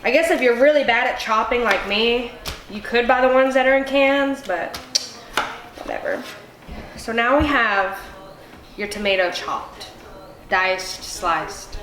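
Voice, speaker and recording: A woman's voice: on the high side, expressive, measured pace, long pauses, noisy background. A tipsy woman hosting a casual cooking vlog, rambling and swearing freely as she chops. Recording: echoey room with music behind.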